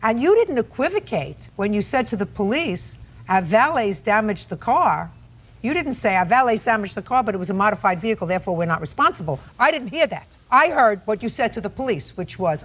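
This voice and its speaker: A woman's voice: medium pitch, sing-song, brisk. Stern scolding woman judge. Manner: sharp, interrupting, scolding. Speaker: TV courtroom judge. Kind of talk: courtroom arbitration.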